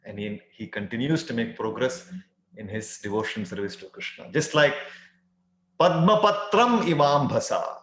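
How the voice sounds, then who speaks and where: A man giving a devotional scripture talk, earnest, with many "uh" pauses and emphatic rising phrases. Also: fairly low pitch, reverberant, poor audio. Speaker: scripture teacher.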